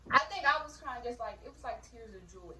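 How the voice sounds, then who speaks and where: A woman's voice: fairly high pitch, animated, fast talker, a crowd in the background. A young woman casually telling her birth story to viewers, chatty, with lots of fillers, calling them y'all. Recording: roomy, distant mic.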